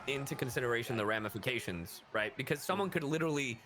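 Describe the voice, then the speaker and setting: A man's voice: medium pitch, lively intonation, fast talker, a bit bright. A man talking in a casual group chat with profane language and many restarts. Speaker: streamer on a group call.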